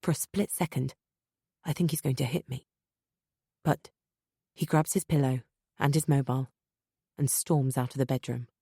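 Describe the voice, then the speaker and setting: A woman with a low, grounded voice reads a first-person audiobook in a measured, steady way. Recorded close and dry, with no room sound, she sometimes sinks to a hushed near-whisper. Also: slightly rough, no echo. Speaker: audiobook narrator.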